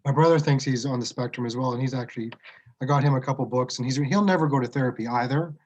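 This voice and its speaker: A man's voice: medium pitch, quick pace, a little mellow, highs cut off. A middle-aged man from Canada talking frankly and reflectively about his diagnosis, often restarting his sentences. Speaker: guest sharing his autism diagnosis. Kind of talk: casual conversation.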